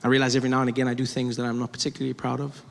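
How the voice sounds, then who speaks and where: A man doing stand-up comedy, telling a story with animated, self-mocking delivery on a theater stage. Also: medium pitch, rapid-fire, vocal fry. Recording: echoey hall with loud crowd. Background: audience laughter.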